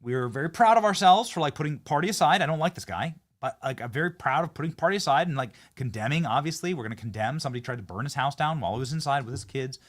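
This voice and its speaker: A man's voice: fairly high pitch, lively intonation, fast, hardly any pauses. A man hosting a political commentary show, sarcastic and mocking as he reacts to clips. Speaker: host.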